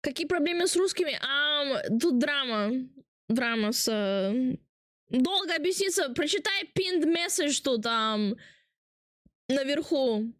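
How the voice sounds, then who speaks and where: Young woman, streamer, high voice, slow unhurried talk, teasing, playful. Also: lively intonation, fairly bright tone, no room sound, clean studio sound. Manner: playful, teasing, switches between English and Russian. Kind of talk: casual live-stream chat.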